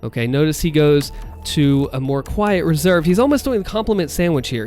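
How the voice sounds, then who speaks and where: A man's voice: on the high side, expressive, normal speed, gravelly, darkish tone, soft background music. A man who is a voice actor, enthusiastically breaking down and imitating the delivery of game voice lines. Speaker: voice actor and video host. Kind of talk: analytical commentary on game voice lines.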